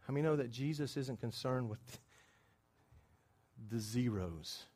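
A man preaching a sermon in a conversational way, often quizzing his congregation and swinging between hushed asides and loud emphatic bursts. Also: mid-range voice, moderate pace. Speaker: pastor.

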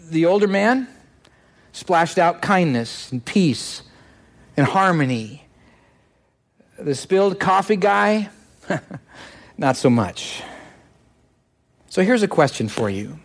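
Man, slightly high voice, sermon-style storytelling, reflective, halting. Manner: reflective, with frequent restarts and pauses.

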